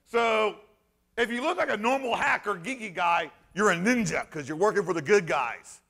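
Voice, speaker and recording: A man giving an animated conference talk, sarcastic and emphatic, rambling through restarts and breaking into shouts. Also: high-pitched, moderate pace. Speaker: conference speaker. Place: conference hall stage.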